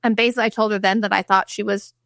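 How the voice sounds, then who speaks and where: A woman's voice: medium pitch, steady tone, rapid-fire, creaky, fairly bright tone, no room sound, clean studio sound. A woman in her thirties hosting her own show, telling a personal story bluntly, with profanity and acted-out quotes. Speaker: podcast host. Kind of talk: candid storytelling monologue.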